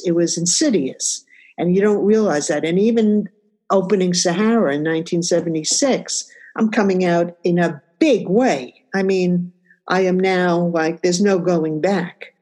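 A woman's voice: on the low side, measured pace, a little mellow. An older woman from New York telling her life story in a reflective, conversational way, often saying "you know". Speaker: interviewee. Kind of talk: personal storytelling.

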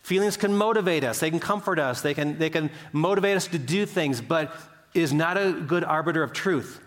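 Older male preacher, earnest storyteller. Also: a little fast. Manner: earnest, storytelling, acts out quotes with pitch swings. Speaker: pastor. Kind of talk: sermon.

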